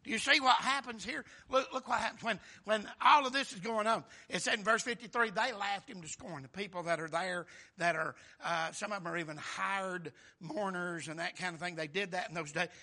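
Folksy preacher man, bright and high. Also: brisk, hardly any pauses. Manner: folksy, exclamatory, calls for amens. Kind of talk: sermon.

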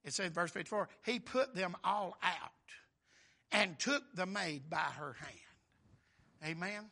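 A man preaching, his voice pitched high and bright. He talks in a folksy, exclamatory way, keeps calling out for amens, and pushes his voice hard. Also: lively intonation, slow pace, gravelly. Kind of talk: sermon.

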